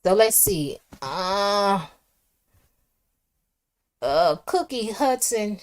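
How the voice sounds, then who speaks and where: A woman hosts a livestream, reading viewer comments aloud and reacting in a casual, chatty way. Her medium-pitched voice is expressive but extremely slow, with a little hiss or hum, and she swings from soft asides to loud exclamations.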